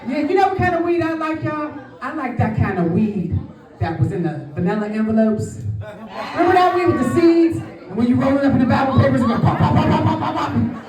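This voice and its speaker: Live at a comedy club, a woman does a brash stand-up set, calling out to the crowd and working the room. Her voice is high and lively, a little fast, and the roomy recording picks her up from a distance amid heavy background noise and a faint audience.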